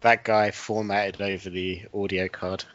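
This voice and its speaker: Low-voiced guy hosting a jokey podcast, deadpan, dry dull-sounding mic. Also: unhurried, no echo. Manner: deadpan absurd storytelling. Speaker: podcast host. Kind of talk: casual comedic chat.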